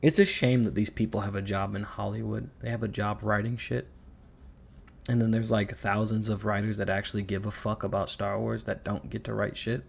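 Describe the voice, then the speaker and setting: A man's voice: lowish voice, flat delivery, brisk, creaky, husky. Sarcastic, profane male reviewer. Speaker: video reviewer. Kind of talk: ranting commentary.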